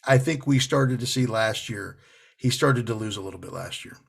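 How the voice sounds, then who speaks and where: A man's voice: lowish voice, normal speed, vocal fry, husky. A man co-hosting a casual sports podcast, easygoing and laughing often as he makes confident predictions. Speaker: podcast co-host.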